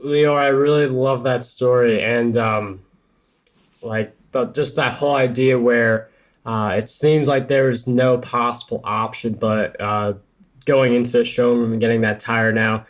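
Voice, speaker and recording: A man's voice: medium pitch, fairly even intonation, a little slow. A man hosting a podcast, reacting to his guest's story in casual chat with frequent ums and uhs. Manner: hesitant, many fillers. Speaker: podcast host.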